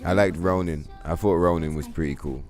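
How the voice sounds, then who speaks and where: Deep-voiced, profane male streamer. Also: brisk, soft background music. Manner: profane, rambling, animated storytelling. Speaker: streamer host. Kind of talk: casual livestream chat.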